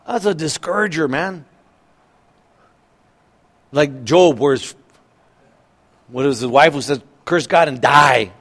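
Middle-aged male pastor, higher voice, animated sermon with acted-out lines. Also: a little slow, long pauses. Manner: lively preaching, acting out voices, laughing.

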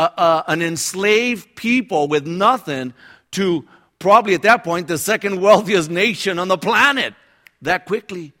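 A man's voice: high-pitched, pushed and bright. A male pastor preaching a sermon in a conversational, engaged way, often checking in with the congregation with asides and restarting his phrases.

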